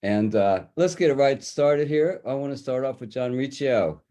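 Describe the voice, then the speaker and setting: A man's voice: mid-range voice, moderate pace, warm tone. A man hosting a livestream reading who talks in a jovial, chatty way. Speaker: host.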